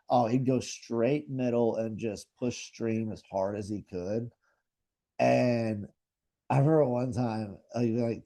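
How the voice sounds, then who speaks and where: A man's voice: mid-range voice, moderate pace, warm tone. A man in his thirties co-hosting a podcast, telling stories in a laid-back way with lots of fillers. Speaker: podcast co-host. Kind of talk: casual chat.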